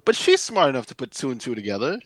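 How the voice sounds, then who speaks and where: A man's voice: medium pitch, sing-song, fast talker, no room sound. A man co-hosting a podcast, bantering about an episode in casual chat and laughing easily. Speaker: podcast co-host.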